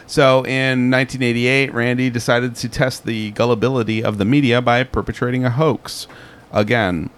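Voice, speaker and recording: A man in relaxed conversation who wanders through his story. He fills his speech with "like" and "um" and keeps restarting sentences. His pitch sits in an ordinary middle range. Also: normal speed. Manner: rambling, heavy on fillers like "like" and "um". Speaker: podcast co-host. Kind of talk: casual chat.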